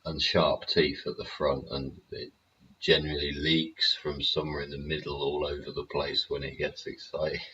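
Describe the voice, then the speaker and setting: A man with a very low voice talks in a loose, rambling monologue full of swearing and little laughs. The audio is slightly dull and lo-fi, with faint ambience behind him. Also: a bit bright, slight background noise. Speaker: host.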